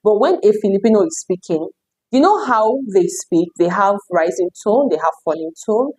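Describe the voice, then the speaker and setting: A young Nigerian woman with a Nigerian accent, casually drilling new words aloud, repeating them with bursts of excitement. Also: medium pitch, moderate pace, husky. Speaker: language learner vlogger. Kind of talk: casual self-study lesson.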